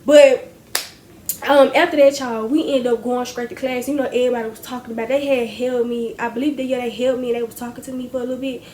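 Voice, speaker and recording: A young woman with a high, bright voice tells a story to her viewers. She is casual and animated, addressing them as y'all, with a faint hiss behind her. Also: fast talker. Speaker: storytime vlogger.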